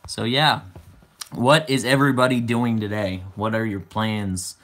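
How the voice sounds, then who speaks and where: A man's voice: fairly low pitch, fairly even intonation, a little slow, fairly bright tone. A man in his twenties hosting a casual livestream, chatting and answering viewer comments aloud. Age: 20s. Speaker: livestream host.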